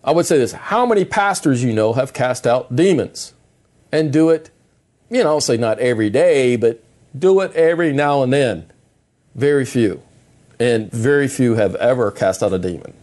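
Calm, plain-spoken middle-aged male preacher. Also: mid-range voice, moderate pace. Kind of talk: conversational sermon.

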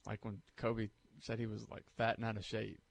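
Gravelly laid-back sports radio host, man. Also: lowish voice, flat delivery, normal speed, a little hiss or hum. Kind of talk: casual sports talk.

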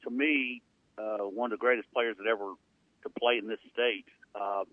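A man's voice: fairly low pitch, steady tone, moderate pace, no echo. A middle-aged man co-hosting a sports talk radio show, talking in a rambling, conversational way with many fillers. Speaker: radio co-host. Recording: narrow phone-like band, dry.

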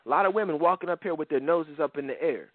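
A man's voice: a little high, fast talker, dry recording. A man in his forties hosting a radio talk show, speaking bluntly in heavy slang with many restarts and asides. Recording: dry tinny phone-line radio sound.

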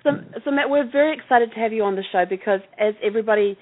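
A woman's voice: a little high, racing. A woman with a New Zealand accent hosting a podcast interview, chatty and enthusiastic. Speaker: host. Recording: tinny phone line.

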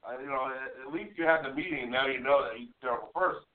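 A man's voice: medium pitch, fast. A man in casual podcast chat, joking and reacting with animation. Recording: tinny phone-like sound.

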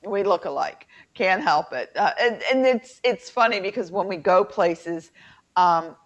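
A middle-aged woman with an Appalachian mountain twang co-hosts a casual chat, telling stories packed with fillers. Her medium-pitched voice is expressive and a little slow, and the audio is muffled and lo-fi.

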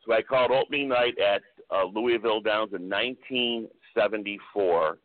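A man's voice: on the low side, normal speed, few pauses. An older man, a veteran racetrack announcer, telling chatty anecdotes as a guest on a radio interview. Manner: chatty anecdotal storyteller, many "I said, he goes" retellings. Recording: phone-line call-in audio.

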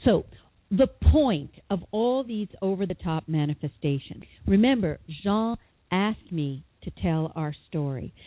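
A husky-voiced woman recounts a personal story as an interview guest, acting out what each person said with dramatic flair. She comes through a tinny phone line with a dry, close sound. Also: medium pitch, no echo. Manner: lively, dramatic retelling with quoted voices. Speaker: guest, psychotherapist and author.

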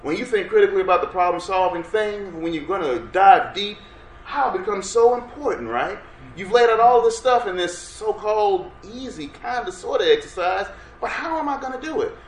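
A man's voice: high-pitched, normal speed. A man presenting an interactive workshop lecture with energy, urging the audience to answer. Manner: energetic, coaxes audience to respond. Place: workshop room. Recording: roomy room sound, faint background noise.

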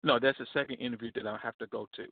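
A man's voice: mid-range voice, steady tone, very fast, slight background noise. A man from Michigan calling in to a radio show, speaking hesitantly with fillers and restarts. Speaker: caller. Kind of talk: phone call-in. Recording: tinny phone line.

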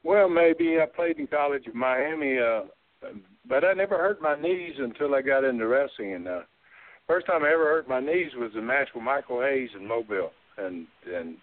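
A man's voice: mid-range voice, expressive, moderate pace, no echo. A man, a former wrestler telling folksy stories in casual chat. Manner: drawling, folksy, laughs while telling stories. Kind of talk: casual storytelling. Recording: tinny phone-like line, dry.

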